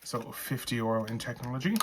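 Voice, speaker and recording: An Irish budgeting vlogger chats casually at home, counting cash aloud into envelopes. She talks fast in a medium-pitched voice, with background noise audible.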